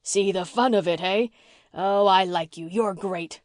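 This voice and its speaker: A woman voicing a blustering, gruff old farmer man in an audiobook, bossy and teasing, repeating himself as he talks. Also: mid-range voice, measured pace, a little mellow, no echo, studio quality, natural voice. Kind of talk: audiobook reading.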